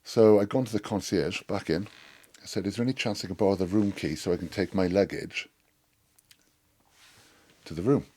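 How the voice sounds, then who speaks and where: As a podcast guest, a middle-aged man with a low voice tells a rowdy anecdote at a moderate pace, leaving long pauses. He is an animated storyteller who swears freely.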